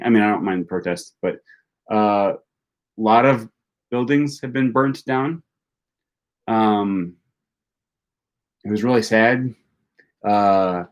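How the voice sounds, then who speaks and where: A young man hosting a language-learning live stream, reading out viewer questions and answering them in a relaxed, chatty way with plenty of ums and restarts. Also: lowish voice. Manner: reads viewer questions aloud and answers chattily, many fillers.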